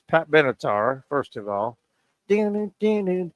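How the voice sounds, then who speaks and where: A man hosting casual sports radio banter, loud and jokey, swinging from shouting to mumbling. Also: fairly high pitch, sing-song, unhurried, no echo.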